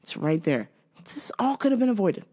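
A woman's voice: medium pitch, very animated, normal speed, dark tone, husky. A woman hosting her own show, telling a work story in a blunt, sarcastic way with lots of swearing and laughter mixed in. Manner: profane, frequently laughing while talking. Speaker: podcast host. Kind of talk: casual comedic storytelling.

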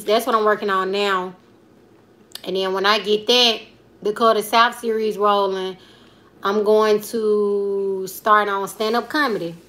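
A woman's voice: mid-range voice, sharp tone, a little hiss or hum. A woman in her twenties, a comedian chatting casually on a live stream, rambling in slangy talk and reading viewer comments aloud. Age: 20s. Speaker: comedian and YouTuber.

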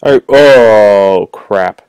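A young man giving jokey, excitable commentary while playing a video game, whooping when he wins. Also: on the low side, extremely slow, smooth, no room sound. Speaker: gaming channel host. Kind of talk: casual let's play commentary.

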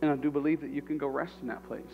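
A man's voice: on the high side, fairly even intonation, racing, gravelly, phone-quality sound, faint music behind. A man preaching a sermon as pastor, talking conversationally and animatedly and repeating his phrases.

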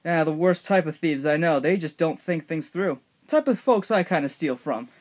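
A man's voice: a little high, expressive, moderate pace, a little mellow. A young man voicing a laid-back male raccoon thief, easygoing and hesitant with fillers. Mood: sly.

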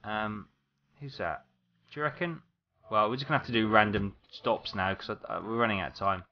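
A man's voice: lowish voice, a little fast, highs cut off. A man giving casual let's-play commentary, rambling as he talks to game characters and apologizes to them. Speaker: gameplay commentator.

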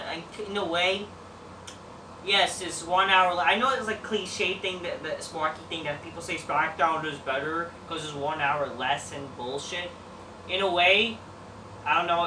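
A man giving a casual, rambling, profane review of a wrestling show, dismissive and full of fillers. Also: on the high side. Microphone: distant mic. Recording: roomy distant mic with background noise.

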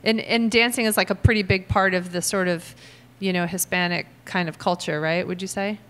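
American woman comic, quick joking crowd work, self-mocking, small live room. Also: on the low side, fairly even intonation, fairly bright tone, a little hiss or hum. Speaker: comedian working the crowd.

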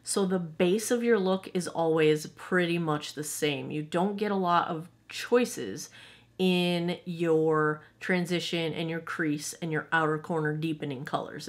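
A woman in her forties reviewing makeup in a casual, gushing and emotional way. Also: deep voice. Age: 40s. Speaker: beauty vlogger.

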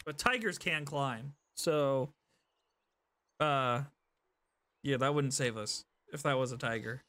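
Bright-voiced playful young gaming streamer. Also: male voice, mid-range voice, slow pace. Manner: playful, rambling, sings silly ditties. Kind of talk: casual let's-play commentary.

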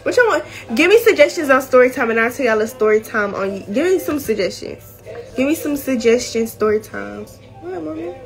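A woman's voice: fairly high pitch, lively intonation, brisk. A teenage girl chatting candidly to viewers in a casual vlog, using slang like y'all and finna. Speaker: vlogger. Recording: music playing behind the voice.

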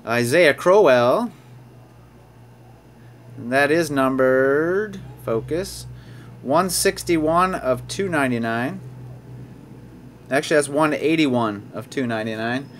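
A man's voice: mid-range voice, slow, long pauses, a little hiss or hum. A man casually narrating as he opens sports card packs, reading out card names and chuckling now and then. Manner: chatty, reads card names aloud with small laughs. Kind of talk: casual pack-opening commentary.

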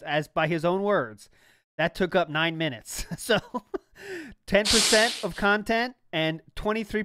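A man's voice: sits high, fairly bright tone, clear, resonant tone, dry recording, clean studio sound. A man co-hosting a podcast in casual chat, sarcastic and laughing often. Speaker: podcast co-host.

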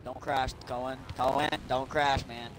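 A young man chatting loudly and excitedly while playing an online shooter with friends, yelping and laughing. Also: mid-range voice, moderate pace. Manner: loud, excitable, yelps and laughs. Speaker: gamer. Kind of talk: casual gaming chat. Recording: loud background noise.

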